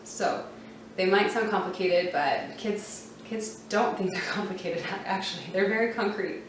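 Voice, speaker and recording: A woman teaching beginner reading rules in a casual, chatty manner, sprinkling in fillers and slowly spelling out letters. Her voice sits back from the microphone in a very echoey room. A faint hum of room ambience runs underneath. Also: mid-range voice, distant mic.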